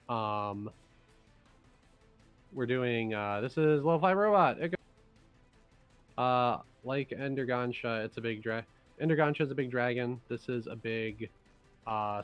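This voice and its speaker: A man with a low, deep-set voice talks loosely through game cards in a casual livestream. He rambles and circles back as he explains. Faint music plays underneath. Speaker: game designer and stream host.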